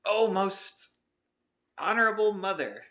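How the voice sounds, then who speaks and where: A man's voice: sits high, expressive, takes it slowly, bright, forceful tone, pitched above the performer's own voice, exaggerated voice. A man voicing a small, anxious boy who is out of breath, reading aloud from a storybook. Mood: pleading. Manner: breathless, urgent pleading. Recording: roomy echo.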